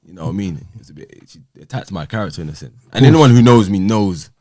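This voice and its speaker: A man's voice: lowish voice, fast talker, no echo, clean studio sound. A man, telling a personal story on a podcast in casual talk and acting out the exchanges he quotes. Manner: animated, acts out quoted exchanges. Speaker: podcast guest.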